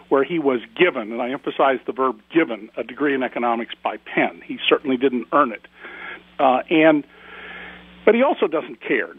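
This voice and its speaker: A man's voice: on the high side, slightly rough, no echo. A man, a guest author giving emphatic, indignant commentary in a radio interview over a phone line.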